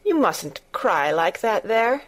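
A woman's voice: mid-range voice, animated, moderate pace. A woman doing a blunt young Yorkshire housemaid. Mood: pleading. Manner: blunt, homely dialect with thee and thou. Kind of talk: audiobook character voice.

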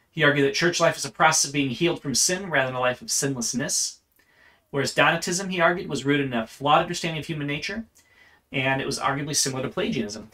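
Man, lecturer, bright forceful voice, middle pitch, earnest, explains step by step, repeats words as he restarts. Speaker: church history teacher. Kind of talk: unscripted lecture.

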